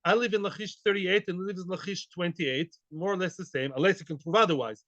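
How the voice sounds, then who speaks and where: A man teaching a Talmud class, animated and full of rhetorical questions. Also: high voice, fast, no echo, lo-fi sound. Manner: animated, rhetorical questions, Yiddish-inflected Hebrew terms.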